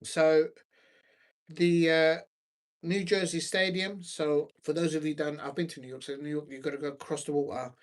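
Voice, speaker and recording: A man's voice: fairly high pitch, fairly even intonation, moderate pace. A man hosting a football chat on his own, rambling and hesitant, full of ums and restarts while he searches his notes. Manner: scattered, searching through notes while talking. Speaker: football watch-along host.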